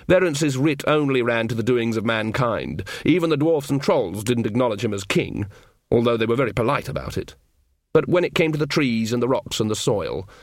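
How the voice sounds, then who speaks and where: A man narrating an audiobook in an expressive, wry storytelling manner. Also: medium pitch, no echo, studio quality. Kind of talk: scripted narration.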